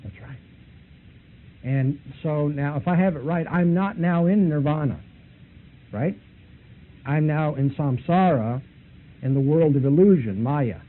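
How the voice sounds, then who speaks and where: A man's voice: fairly high pitch, unhurried. A man lecturing and retelling a debate, pressing his points with rising intensity. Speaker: Christian apologist lecturer. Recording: tinny lo-fi recording, faint hiss.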